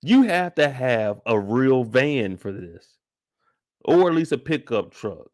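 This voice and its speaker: A young man hosting a casual live after-show, talking in loose slang and acting out reactions with sudden loud outbursts. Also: medium pitch, very animated, slow pace. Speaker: host.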